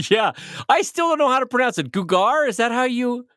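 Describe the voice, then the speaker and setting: Animated, teasing man co-hosting a podcast. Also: very high voice, moderate pace, dry recording, studio quality. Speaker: podcast co-host. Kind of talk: casual chat.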